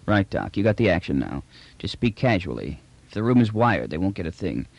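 A man's voice: medium pitch, very animated, moderate pace, dry recording, muffled recording. A man narrating a story, voicing a bulky, brash space trader who talks bluntly in casual slang. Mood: low, urgent. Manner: blunt, wheedling street talk.

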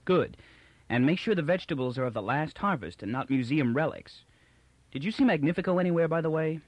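Guy putting on a bossy take-charge woman, raised pitch, lively. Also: fairly quick, no room sound. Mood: brisk. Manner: decisive, scolding. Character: brisk, bossy, caring young woman.

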